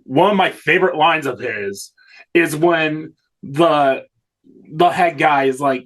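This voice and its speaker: A man's voice: a little high, slow, fairly bright tone. A man co-hosting a casual film discussion, enthusiastic and swearing freely. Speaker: podcast co-host.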